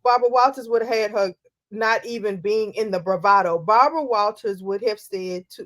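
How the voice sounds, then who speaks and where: A woman co-hosts a casual chat podcast in a medium-pitched voice, speaking a little fast. She tells stories with energy, animating them by acting out the quotes.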